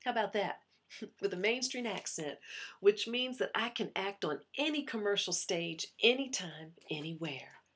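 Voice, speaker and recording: A woman with a Southern accent performing a chatty, animated audition monologue to her diary. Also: medium pitch, normal speed, breathy edge. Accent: put-on Southern US. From US Midwest. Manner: chatty, animated, self-promoting. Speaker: actress auditioning.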